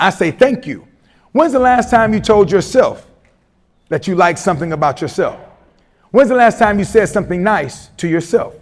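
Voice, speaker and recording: A middle-aged man giving a motivational, humorous speech to teachers, animated and telling stories with acted-out voices. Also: high voice. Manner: animated storyteller, humorous asides, acts out quoted voices. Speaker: keynote speaker at educators' institute day.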